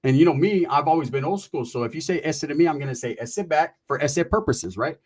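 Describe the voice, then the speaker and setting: A middle-aged man from California telling a casual comic story in an animated, profane and slangy way, with quick asides to the listener. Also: on the high side. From Merced, California.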